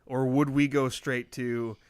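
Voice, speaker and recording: A man's voice: medium pitch, level tone, measured pace, clean tone, no echo, clean studio sound. Joking, rambling man hosting a podcast. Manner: joking, rambling, laughs often. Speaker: podcast host. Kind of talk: casual sports podcast banter.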